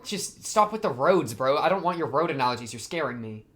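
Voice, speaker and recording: Reaction host, male, voice a touch high; casual anime commentary, muttering asides broken by excited outbursts at the screen. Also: a little fast.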